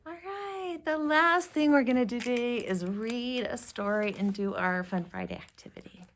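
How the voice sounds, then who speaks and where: A woman teacher reading a picture book aloud to young children in a gentle, drawn-out storytime voice. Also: fairly high pitch, slight background noise.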